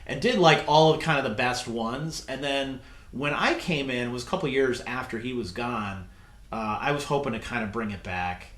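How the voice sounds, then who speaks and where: A middle-aged man hosting a casual podcast chat in a basement studio, talking in a rambling way full of fillers and quick laughs. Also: mid-range voice, a bit bright, roomy sound. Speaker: podcast host.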